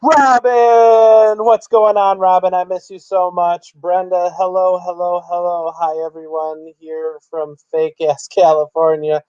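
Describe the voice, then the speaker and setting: A man voicing a gushing female chat viewer in a high, breathless falsetto. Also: little pitch movement, a little slow, few pauses, darkish tone, clean tone, no room sound, dull audio.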